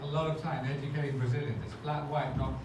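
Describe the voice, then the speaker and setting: A man's voice: medium pitch, level tone, quick pace, distant mic. A man hosting a stand-up comedy night, telling rambling self-mocking stories on a club stage. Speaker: comedy show host. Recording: very echoey club, noisy audience ambience.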